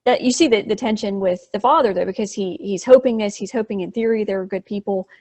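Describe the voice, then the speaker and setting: Female podcast co-host, mid-pitched, measured and reflective, restarts often. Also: darkish tone. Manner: thoughtful, halting, with frequent affirming murmurs. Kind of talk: casual book discussion.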